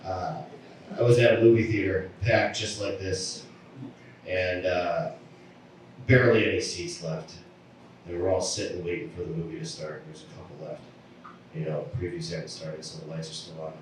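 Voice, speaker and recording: A man doing a stand-up set, telling stories in a deadpan way and acting out the people in them. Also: sits low, normal speed, slight background noise. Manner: deadpan storytelling with acted-out voices. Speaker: stand-up comedian. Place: comedy venue. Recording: echoey room from a distant mic.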